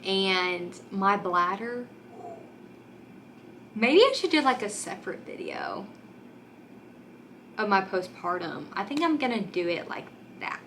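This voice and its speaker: Bright-voiced young woman, candid vlog chat. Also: mid-range voice, big pitch swings, slow pace, pauses often, a little hiss or hum. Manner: candid and chatty, many fillers like "like" and "um"; emotional, close to tears at times. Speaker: vlogger. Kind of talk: casual storytelling to camera.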